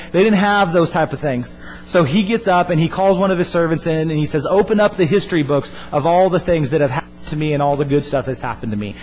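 Male youth pastor, high-pitched and lively, echoey hall, faint hum behind. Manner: animated, acts out characters' lines in quick voices. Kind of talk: sermon retelling a Bible story.

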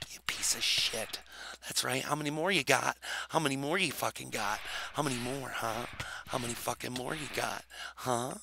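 A man's voice: mid-range voice, gravelly, background noise. A man playing a video game and commenting as he goes, taunting and cursing at his opponents, often in a muttered half-whisper. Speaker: gamer. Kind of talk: gameplay commentary.

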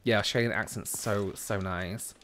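A man's voice: on the low side, fairly even intonation, normal speed, a bit bright, slight background noise. A man from the United Kingdom streaming a game, chatting casually and answering viewer comments as he plays. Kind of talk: casual live-stream chat.

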